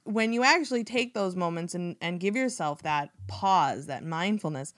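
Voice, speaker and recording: A woman's voice: fairly low pitch, lively intonation, moderate pace, no room sound, clean studio sound. A woman interviewing a guest, asking questions and reflecting back what she hears in an affirming way. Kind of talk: casual interview talk.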